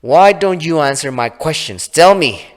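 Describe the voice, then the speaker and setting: A man's voice: fairly high pitch, lively intonation, measured pace, pitched above the performer's own voice. Male reader doing a frantic young woman who turns commanding; storybook reading with hall reverb. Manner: pleading, then commanding. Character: desperate young pregnant-believing woman, frightened and defiant. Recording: long reverb.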